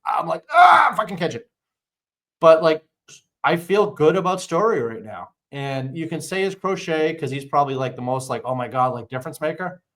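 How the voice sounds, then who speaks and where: A man co-hosts a laid-back sports podcast, ranting and cursing through animated stories. His voice is a little high and his delivery fairly quick.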